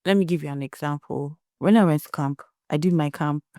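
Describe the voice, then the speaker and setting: A woman's voice: low-pitched, brisk, dark tone, dry recording, clean studio sound. A young Nigerian woman hosting a solo podcast, giving blunt opinions and telling stories in a conversational way. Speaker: podcast host.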